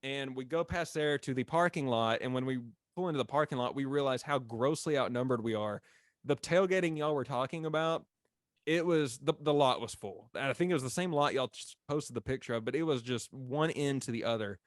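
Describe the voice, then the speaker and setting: A man with a drawl tells a long story among friends, animated and quick to laugh, slipping into other people's voices as he goes. His voice sits at an ordinary middle pitch and sounds close and dry, with no room around it. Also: no echo. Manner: animated, acts out quotes, laughs often. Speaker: former mascot telling a story. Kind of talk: casual storytelling on a podcast.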